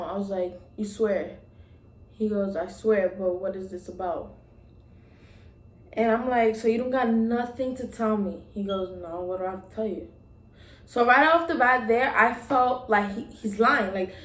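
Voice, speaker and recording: A woman's voice: medium pitch, normal speed. Young woman vlogger, casual storytime, rambling with fillers, roomy recording. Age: young adult. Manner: rambling, many ums and likes, retelling dialogue. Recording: roomy echo.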